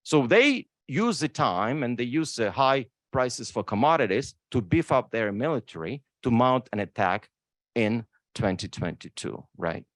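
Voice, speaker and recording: A man's voice: medium pitch, big pitch swings, measured pace, dry recording, clean studio sound. A man speaking on a law school panel, emphatic and emotional, often asking "right?" to the audience. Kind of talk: impassioned panel talk. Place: lecture room.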